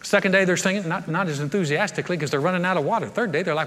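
Folksy preacher in a reverberant hall. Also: male voice, high-pitched, very fast, hardly any pauses, fairly bright tone. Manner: folksy storytelling with acted-out voices. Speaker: pastor. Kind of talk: sermon.

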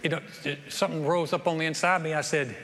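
A man's voice: on the high side, fast talker. A man preaching a sermon to his congregation, telling stories with lots of restarts and repeated words. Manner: animated storytelling with repeated restarts. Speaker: pastor. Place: church sanctuary. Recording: long church hall reverb, faint noise.

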